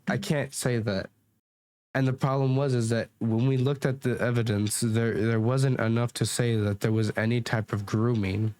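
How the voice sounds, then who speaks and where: A man with a medium-pitched, darkish voice records with no room sound at a desk mic at home. As a commentary YouTuber he rambles and argues over comments, defensive, restarting frequently and leaning on fillers.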